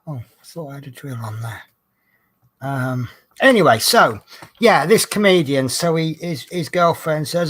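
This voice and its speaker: A man's voice: a little high, lively intonation, a little slow, fairly bright tone. Chatty man rambling along. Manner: rambling, chatty storyteller who restarts and corrects himself. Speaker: coach driver and crafting vlogger. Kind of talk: casual chat while diamond painting.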